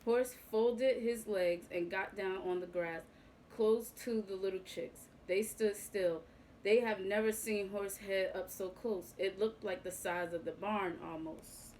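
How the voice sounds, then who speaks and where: A young woman reading a picture book aloud to young children, clear and expressive with the animal sounds. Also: medium pitch, measured pace, slight background noise, poor audio. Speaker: youth club reader.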